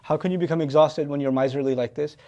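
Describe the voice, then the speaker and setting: A man explains Quran verses at a quick clip, his voice sitting high. He keeps it lively, firing off rhetorical questions and slipping into the voices of people he describes. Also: muffled recording. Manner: animated, rhetorical questions, acts out quoted voices. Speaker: Quran teacher.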